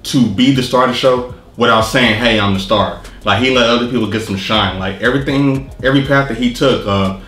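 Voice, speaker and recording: A man's voice: mid-range voice, brisk, few pauses, fairly bright tone, reverberant. A man co-hosting a casual TV review chat, laid-back, mostly answering with short agreements. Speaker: co-host.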